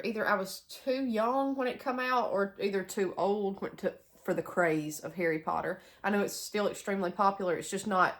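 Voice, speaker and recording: A woman's voice: medium pitch, a bit bright. A young woman with a Southern US accent, chatting casually to camera in a rambling way with asides. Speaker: homestead vlogger. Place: sunroom bedroom in a house.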